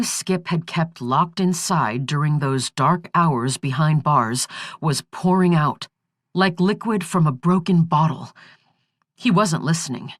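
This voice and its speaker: A woman narrates a thriller audiobook in a steady, measured read. Her voice sits fairly low, her pace is very slow and deliberate, and the sound is dry and close to the mic. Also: dry recording.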